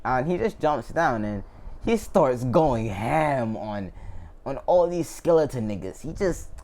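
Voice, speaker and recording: A man's voice: mid-range voice, very animated, a little slow, darkish tone. A man casually retelling a fan story, rambling, laughing often and correcting himself as he goes.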